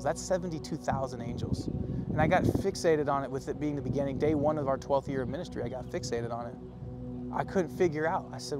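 Animated male pastor preaching over music. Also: fairly high pitch, brisk. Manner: animated, emphatic preaching with acted quotes. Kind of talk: sermon.

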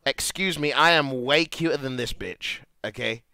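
A young man with a British accent, streaming and reacting to posts in crude, casual chat, laughing loudly and muttering as he reads. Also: medium pitch, normal speed, gravelly, clean tone, no room sound.

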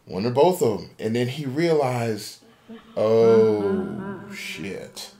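A man's voice: medium pitch, expressive, normal speed, dark tone. A man casually retelling a game theory as a story, acting out a panicked character's inner voice. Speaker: podcast co-host. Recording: amateur podcast recording.

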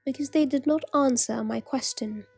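A woman's voice: sits high, normal speed, vocal fry, a little mellow, breathy edge, soft background music, full character voice. Woman voicing a cunning water sprite from a storybook. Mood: questioning. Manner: testing, questioning. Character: cunning male water sprite guarding a pond.

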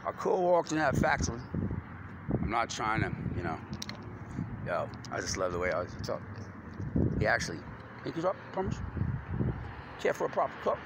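A man's voice: fairly low pitch, sing-song, normal speed, pauses often. A grown man talking in a rambling, slangy stream of consciousness, full of rhyming wordplay. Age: adult. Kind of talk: rambling freestyle monologue. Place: outdoors on a front porch at night. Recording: noisy outdoor recording with traffic.

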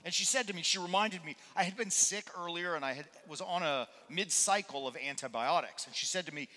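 Male pastor, sermon, chatty animated storytelling, bright forceful voice, long church reverb. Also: on the high side, brisk, hardly any pauses. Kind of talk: sermon with a humorous personal story.

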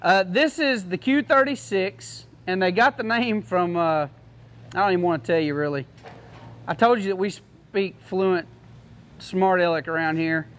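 A man's voice: sits high, normal speed, a bit bright. A man giving a casual, joking product demo to a class, in a folksy manner. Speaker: product demonstrator.

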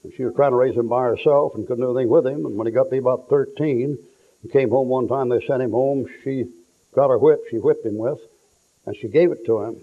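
Folksy preacher on a tinny recording. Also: male voice, medium pitch, a little fast. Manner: folksy storytelling, acts out quotes, shouts for effect. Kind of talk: sermon. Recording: tinny lo-fi phone-like sound.

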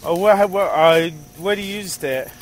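Crude high-voiced man ranting. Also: moderate pace. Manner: crude, blunt, rambling and profane. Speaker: vlogger. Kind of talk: casual profane rant while driving around. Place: in a car outdoors at night. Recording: night insects and road noise behind.

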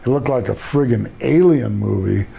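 A man's voice: mid-range voice, moderate pace, vocal fry, mellow, slightly rough. An older man, a retired pro wrestler, telling rambling stories in a casual interview with many restarts. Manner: rambling storyteller, frequent restarts.

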